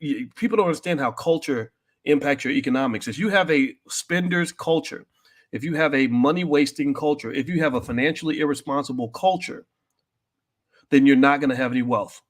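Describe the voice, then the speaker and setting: Blunt, direct man talking to viewers. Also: brisk. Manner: blunt and direct, with frequent restarts; rises to loud, high-pitched outbursts when worked up. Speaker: commentary show host. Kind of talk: opinionated commentary to an online audience.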